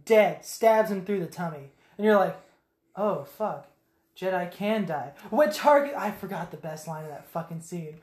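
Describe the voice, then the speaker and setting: Woman, casual podcast film recap, swears a lot, silly voices and sound effects, very lively pitch, echoey room. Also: moderate pace, hardly any pauses. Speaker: podcast co-host.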